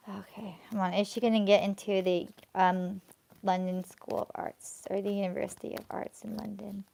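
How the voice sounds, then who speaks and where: A young woman streaming a live tarot reading, talking casually as she shuffles and draws cards. Her pitch sits in the middle of a woman's range, and she stretches words out between bursts of excitement. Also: gravelly. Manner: chatty, drawn-out, breaks into excited squeals. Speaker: tarot card reader.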